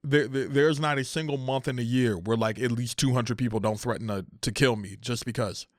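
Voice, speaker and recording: Young man, content creator, venting hard and cursing, dry close mic, mid pitch. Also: fairly even intonation, fairly quick, no echo. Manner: heated, profane, repeats phrases, rising to near shouting. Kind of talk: emotional casual rant.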